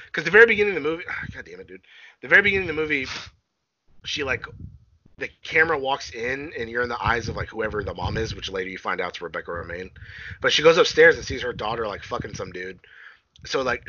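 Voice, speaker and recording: A man's voice: medium pitch, pushed and bright, muffled recording, slight background noise. A man casually recapping a film on a podcast, rambling and swearing, often acting out quotes and laughing. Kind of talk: casual chat.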